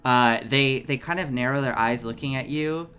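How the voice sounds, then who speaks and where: A man's voice: mid-range voice, normal speed, bright, forceful tone, clear, resonant tone. A man narrating a tabletop game as game master, improvising with plenty of fillers.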